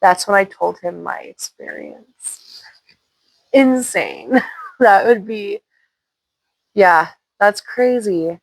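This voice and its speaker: A woman's voice: medium pitch, very animated, slow, vocal fry, pauses often, no room sound. A woman from Washington State, hosting her channel and casually telling paranormal stories with loose, chatty asides. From Washington State, USA. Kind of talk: casual storytelling.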